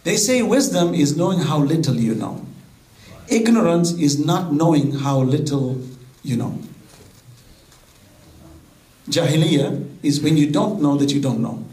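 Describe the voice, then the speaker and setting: A man's voice: on the high side, unhurried, long pauses, darkish tone. A man preaching a sermon, mixing Arabic quotations into his English. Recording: echoey hall.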